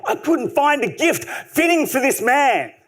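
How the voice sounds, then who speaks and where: Man, humorous storytelling, high pitch, stage talk. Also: a little slow. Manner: animated, humorous, vivid storytelling. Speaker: speaker.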